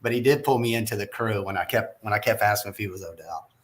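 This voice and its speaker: A man's voice: fairly low pitch, fast talker, slight background noise. Rambling Southern man telling stories. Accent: Southern American. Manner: rambling storyteller, chuckles often. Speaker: podcast guest. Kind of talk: casual chat.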